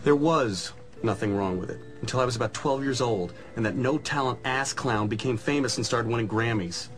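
A man's voice: medium pitch, brisk, a bit bright, soft background music, close to an everyday voice. An actor playing a sulky office worker who grumbles bitterly about his name, in a film scene. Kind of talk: film dialogue.

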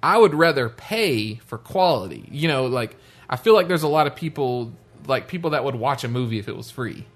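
A man in a casual chat, opinionated and quick to laugh, fond of folksy sayings. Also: medium pitch, lively intonation.

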